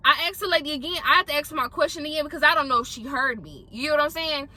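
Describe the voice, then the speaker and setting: A young woman from Houston, telling a travel story to her vlog viewers in a casual, animated way and acting out what people said. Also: high voice, racing. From Houston, Texas. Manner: animated, acts out other people's lines in quoted voices. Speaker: vlogger.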